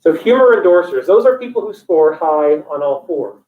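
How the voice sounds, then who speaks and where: At a moderate pace and with lively intonation, a man with a slightly high voice teaches a college class, joking, digressing and quizzing his students. The sound comes from a distant, dull mic in an echoey room.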